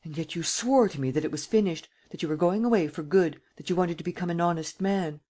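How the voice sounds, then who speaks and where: A man's voice: fairly high pitch, fairly quick, darkish tone, pitched above the performer's own voice, lightly acted. A man doing a tearful, pleading old woman. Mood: reproachful. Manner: tearful, imploring.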